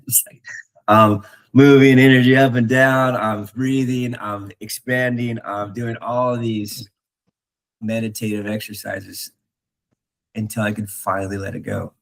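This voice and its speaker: A man talking earnestly in a reflective spiritual talk, halting with many restarts and fillers. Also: on the low side, level tone, poor audio. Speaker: podcast host.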